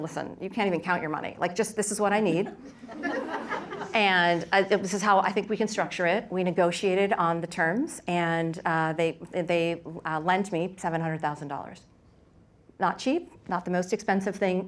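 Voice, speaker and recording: A middle-aged woman who founded a bakery, speaking candidly on a workshop panel and telling lively stories with quick asides. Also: fairly low pitch.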